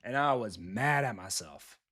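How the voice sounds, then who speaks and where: A man chatting with his viewers as he plays a football video game live. He talks in a loose, blunt way, swears freely and reacts fast to each play. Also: on the low side, animated, pushed and bright. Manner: casual, blunt and profane, quick reactions to the game.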